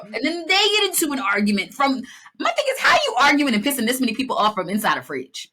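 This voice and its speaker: A young woman co-hosting a podcast in casual chat, telling stories with lively acted-out lines and playful asides. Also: fairly high pitch, quick pace. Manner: animated storytelling, acts out lines, playful. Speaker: podcast co-host.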